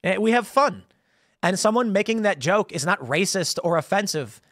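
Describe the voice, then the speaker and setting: High-voiced man ranting with restarts. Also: normal speed, no echo, studio quality. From United States. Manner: rambling, animated storytelling with frequent restarts and laughs. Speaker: political commentary show host. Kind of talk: casual political commentary monologue.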